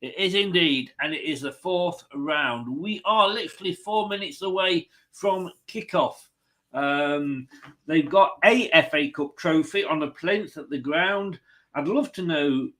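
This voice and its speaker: A man's voice: a little high, a little slow, fairly bright tone. A man hosting a live football watchalong, chatty and jokey, greeting viewers and reading out their comments. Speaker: fan channel host.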